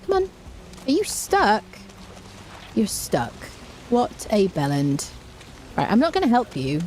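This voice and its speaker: Playful woman streamer, lively pitch. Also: measured pace, slight background noise. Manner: chatty and playful, hums tunes while playing. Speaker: gaming streamer. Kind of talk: casual let's-play commentary.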